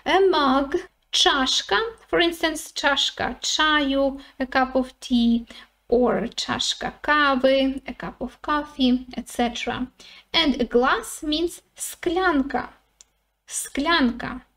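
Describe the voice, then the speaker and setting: Slow high-voiced woman teaching vocabulary. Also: a bit bright. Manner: repeats each word slowly, with many "uh"s. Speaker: language teacher. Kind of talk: vocabulary lesson.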